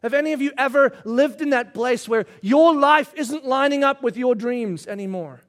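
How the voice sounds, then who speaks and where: A man's voice: very high-pitched, moderate pace. A man preaching a sermon, telling a story with rhetorical questions and acted quotes. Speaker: pastor.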